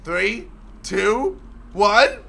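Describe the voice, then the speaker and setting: A young man giving loud, profane gameplay commentary, shouting and yelping at the game. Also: sits high, very animated, drawn-out words, gravelly, soft background music. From England. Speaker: gaming video creator.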